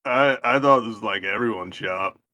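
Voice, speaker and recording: A man's voice: on the low side, moderate pace, pushed and bright, lo-fi sound. A man playing in a tabletop game, talking in a laid-back, slangy way. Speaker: player. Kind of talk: casual game talk.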